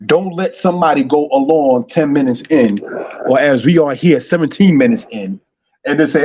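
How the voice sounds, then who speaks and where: A man's voice: mid-range voice, lively intonation, normal speed, darkish tone, muffled recording, slight background noise. A man teaching an online Hebrew lesson, repeating phrases and addressing listeners as brothers and sisters.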